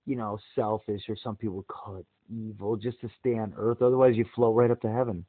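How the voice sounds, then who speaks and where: Middle-aged guy telling a story on a podcast, gets really animated, thin phone-ish sound, dry. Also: lowish voice, fairly quick, no room sound, phone-quality sound. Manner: animated storyteller, acts out quoted voices with big jumps. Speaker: podcast host. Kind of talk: casual storytelling chat.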